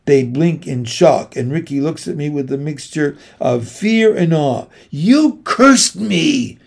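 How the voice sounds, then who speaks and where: A man giving a measured, steady first-person audiobook narration. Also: a little high, creaky.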